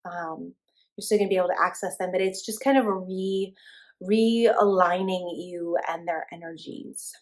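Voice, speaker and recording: A woman's voice: fairly low pitch, normal speed. Chatty woman teaching a spiritual class. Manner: relaxed, chatty, many fillers and restarts. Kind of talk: casual spoken class.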